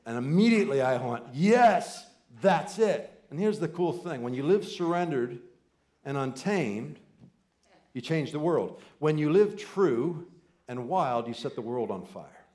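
A man in his forties preaching a sermon, telling family stories with quoted voices and swinging from loud excited bursts to soft, near-whispered lines. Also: medium pitch, measured pace. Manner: animated storytelling with quoted voices and asides. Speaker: pastor.

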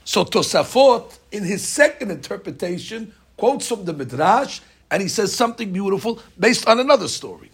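A man teaching a religious class to women, telling stories in an animated way with many fillers and restarts. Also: high voice, moderate pace, hardly any pauses, slightly rough.

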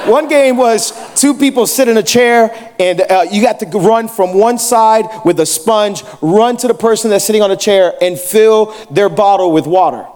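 A man's voice: sits high, moderate pace, hardly any pauses, darkish tone. A young adult man preaching a sermon as pastor, telling jokey stories and putting questions to the crowd. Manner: joking, storytelling, asks the crowd questions.

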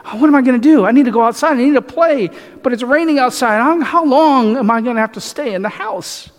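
A man's voice: extremely high pitch, fast talker, pitched above the performer's own voice. A man voicing a restless pet dog stuck indoors, fretful and pleading. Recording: echoey hall reverb.

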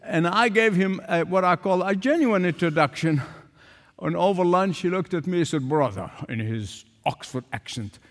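A man's voice: high voice, normal speed. An older man preaching a sermon, emphatic, repeating phrases for stress. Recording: long hall reverb.

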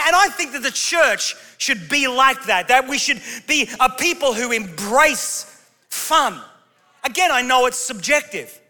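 A man's voice: extremely high pitch, pushed and bright. A male pastor preaching a sermon to his congregation with humorous storytelling. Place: large church auditorium. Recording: long hall reverb.

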